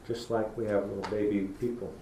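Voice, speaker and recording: Folksy storytelling fills this public talk by a middle-aged lecturer, who acts out the way he speaks to children. His dark voice is on the low side, steady and fairly quick, captured in an echoey university lecture hall with faint noise.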